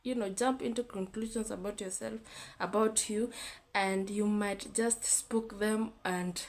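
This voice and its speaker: A woman's voice: mid-range voice, steady tone, a little slow. Chatty young woman giving dating advice. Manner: chatty, candid, repeats herself with lots of fillers. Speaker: vlogger. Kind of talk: casual advice talk to camera.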